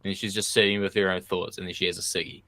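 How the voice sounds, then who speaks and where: A low-pitched man co-hosting a film podcast, talking in an easygoing, loose way with plenty of swearing and laughter. His voice sits close and dry, with no room sound at all. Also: little pitch movement, quick pace, bright, forceful tone, no echo. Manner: laid-back, swears freely, laughs often. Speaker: podcast co-host. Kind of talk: casual chat.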